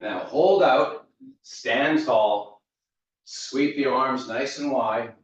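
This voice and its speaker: A man's voice: medium pitch, extremely slow. Man cueing a mobility class, echoey. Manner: steady cueing, easygoing asides. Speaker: fitness instructor. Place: large echoey fitness studio. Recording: echoey, distant, dull room sound.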